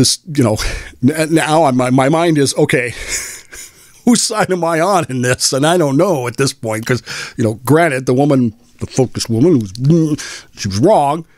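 A man's voice: mid-range voice, no echo, clean studio sound. An older man hosting his own show, telling a long rambling story with frequent laughs. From Washington State, US. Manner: rambling, amused, laughs often. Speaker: podcast host. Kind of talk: storytelling monologue.

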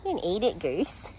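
A woman's voice: sits high, background noise. A woman who works at a dog daycare, filming outdoors on her phone and cooing praise at the dogs in a sing-song voice. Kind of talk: casual vlog narration, talking to dogs. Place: outdoor dog play yard. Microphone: handheld phone camera.

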